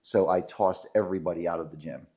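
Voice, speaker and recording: A sports referee co-hosting a podcast tells self-deprecating referee stories in casual chat, full of fillers. His voice is low, fast, mellow, and slightly rough.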